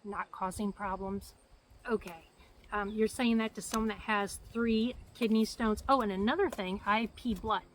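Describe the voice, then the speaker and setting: A woman's voice: mid-range voice, steady tone, moderate pace, poor audio. Middle-aged woman, casual rambling vlogger, flustered, slight cough, faint background hiss. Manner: rambling, flustered, many fillers. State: hacky cough, short of breath. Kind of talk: casual health update vlog.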